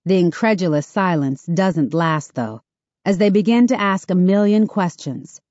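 A woman narrating a first-person audiobook in a steady, measured way. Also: on the low side, dry recording. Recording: dull, dry studio recording.

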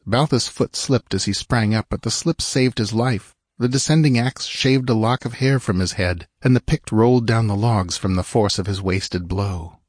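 A man narrating an action-filled fiction story, measured and dramatic, slowing for grim moments and lifting for the fighting. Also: lowish voice, no room sound, studio quality. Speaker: audiobook narrator.

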